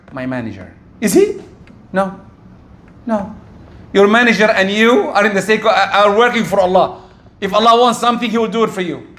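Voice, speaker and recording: Giving a sermon, this middle-aged man asks rhetorical questions and works Arabic religious terms into his talk. He's a preacher, and his voice sits high with a bit of brightness.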